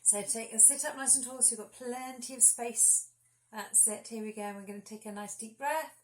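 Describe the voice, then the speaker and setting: A woman leading children through a singing warm-up, giving clear and encouraging instructions. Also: fairly high pitch, fairly even intonation, moderate pace, a little hiss or hum. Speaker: singing teacher.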